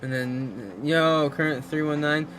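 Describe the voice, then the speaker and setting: A man's voice: on the high side, measured pace, a bit bright, a little hiss or hum. A man streaming a game, chatting casually, telling rambling stories full of swearing and reading his chat aloud.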